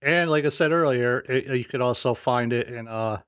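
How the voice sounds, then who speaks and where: A man's voice: medium pitch, normal speed, a bit bright, clean tone, dry recording, clean studio sound. A man hosting a show, commenting casually on played clips in a hesitant, laid-back way with many fillers. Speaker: show host reviewing clips.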